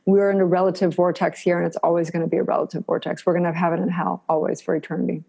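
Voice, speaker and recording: A middle-aged woman answers interview questions in a low voice with plenty of vocal fry. She sounds earnest and encouraging. She often repeats a phrase to drive her point home. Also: little pitch movement, very fast, mellow. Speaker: podcast guest.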